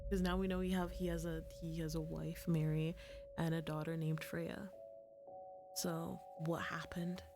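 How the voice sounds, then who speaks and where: A woman's voice: low-pitched, level tone, a little slow, over music. A woman streamer giving casual, chatty commentary while she plays, swearing and laughing.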